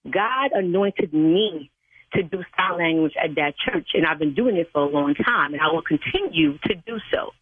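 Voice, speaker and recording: A woman's voice: deep voice, fairly quick, few pauses, breathy edge, dry recording. An older woman who interprets sign language at church, talking on a phone call in a stern, preachy manner that turns to cursing. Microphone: telephone. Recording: tinny phone line, dry.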